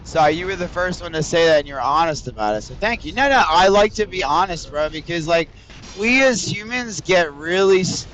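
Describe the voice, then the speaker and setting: Higher-voiced man rambling to his stream chat. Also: lively intonation, fairly quick, a bit bright. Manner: rambling, profane, talks straight to chat. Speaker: game streamer. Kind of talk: casual livestream chat with viewers.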